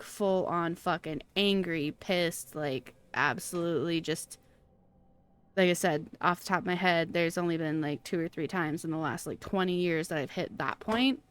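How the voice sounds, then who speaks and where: A woman's voice: on the low side, a bit bright, clean tone, no echo. A woman from the Pacific Northwest with a Pacific Northwest American accent, streaming a game from home and chatting casually with viewers in a rambling way, full of fillers and restarts. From Pacific Northwest, USA. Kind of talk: casual chat while gaming, answering chat. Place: home room with a fan.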